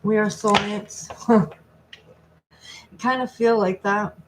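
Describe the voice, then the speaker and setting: A woman tarot reader on a live stream, talking softly and reflectively as she passes on messages from a spirit. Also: medium pitch, fairly even intonation, extremely slow. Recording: noisy recording with clicks.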